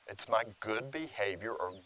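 An older man, a dog trainer, talking in a lively, folksy way outdoors with his dog on a close lapel mic. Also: moderate pace. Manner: lively, folksy, praises the dog in a high sing-song. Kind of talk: casual outdoor training vlog.

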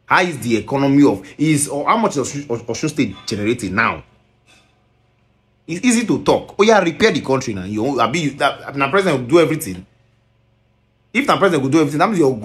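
A man with a Nigerian accent scolding in a commentary video, mixing Pidgin and English and firing rhetorical questions. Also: mid-range voice.

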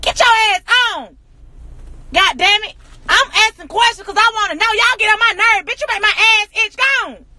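A woman in an angry, profane rant to camera, hammering rhetorical questions and often shouting. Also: very high voice, brisk. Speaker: social media personality.

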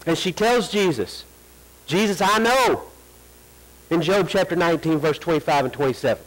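High-pitched preacher guy in a church, swells up and stretches out the prayer lines. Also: animated, poor audio. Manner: preaching with rising emphasis, drawn-out quoted prayers. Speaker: pastor. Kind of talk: sermon. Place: church sanctuary.

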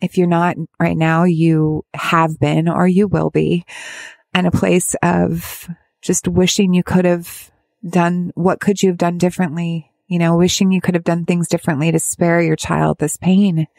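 A woman speaking as a parent of a child with addiction, giving candid advice in a halting, heartfelt way with many restarts. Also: on the low side, level tone, vocal fry, a little mellow, dry recording. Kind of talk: candid personal advice talk.

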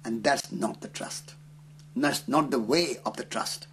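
A man from India, telling a story in an interview in an earnest, unhurried way with hesitant fillers. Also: medium pitch, fairly bright tone, slight background noise.

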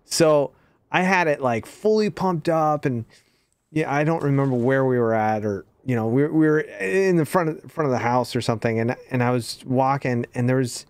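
A man chatting easily while playing a game alongside a friend, in a relaxed and talkative way. His voice sits at a middle pitch and is recorded close and dry, with no room sound. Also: moderate pace, dry recording. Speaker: guest streamer. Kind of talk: casual gaming chat and storytelling.

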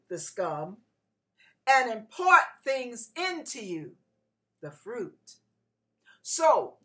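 A middle-aged woman pastor, her voice on the high side, preaches a sermon built around a personal story. Her delivery is animated, and she acts out other people's voices.

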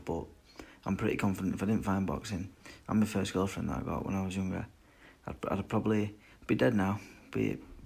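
A man's voice: fairly low pitch, vocal fry, slightly rough. A man in his twenties, a boxer, answering fan questions in a blunt, sweary, rambling chat. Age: 20s. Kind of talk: casual chat.

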